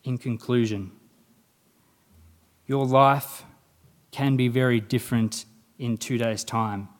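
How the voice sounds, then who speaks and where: With a slow, mid-range voice, a young man gives a motivational speech as the guest speaker at a graduation ceremony. He tells animated stories, acting out what the people in them said.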